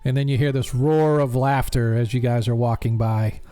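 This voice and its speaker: A man's voice: mid-range voice, fairly even intonation, moderate pace, warm tone, faint music behind. Rambling male game master. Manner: rambling, many fillers. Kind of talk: narrating a tabletop game.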